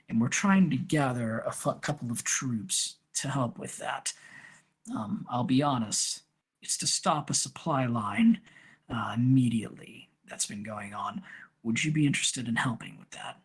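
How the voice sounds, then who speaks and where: Man doing a scheming male officer, low conspiratorial voice, husky, lively pitch. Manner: low, measured, conspiratorial delivery. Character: scheming male officer Tyment, smooth and quietly menacing.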